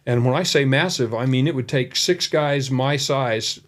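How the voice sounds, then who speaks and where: A man's voice: medium pitch, normal speed. Man telling a rambling, folksy story. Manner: rambling and folksy, with many asides. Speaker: college development director, podcast guest. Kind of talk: anecdotal storytelling in a conversation. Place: indoor room.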